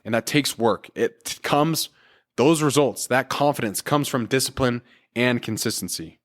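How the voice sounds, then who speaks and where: A man's voice: medium pitch, normal speed. A man hosting a solo motivational podcast, talking in an earnest, encouraging and casual way with everyday fillers. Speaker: podcast host.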